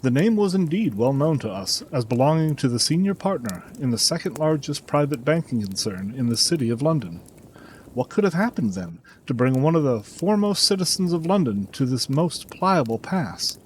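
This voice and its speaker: Expressive male audiobook narrator. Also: on the high side, moderate pace, slight background noise, poor audio. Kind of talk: scripted narration of a classic story.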